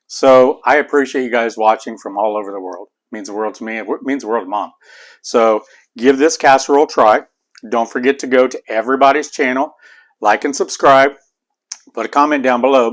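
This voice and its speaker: A man's voice: medium pitch, a bit bright. A middle-aged man with an Appalachian accent, chatting casually to viewers as host of his home cooking channel. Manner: chatty, rambling, folksy. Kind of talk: casual cooking vlog talk. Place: home kitchen.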